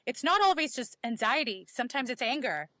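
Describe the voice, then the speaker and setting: A woman's voice: high-pitched, expressive, a little fast, sharp tone, no room sound. A woman talking as a podcast guest, giving emphatic advice that repeats key phrases and acts out inner dialogue. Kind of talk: animated conversational advice.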